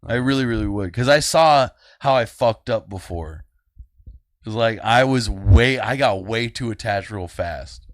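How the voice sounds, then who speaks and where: A man hosting a podcast, telling a personal story in casual chat and acting out the people in it with sudden high-pitched bursts. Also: a little slow, no room sound. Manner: animated, acts out quotes with big pitch jumps and fake crying. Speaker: podcast host.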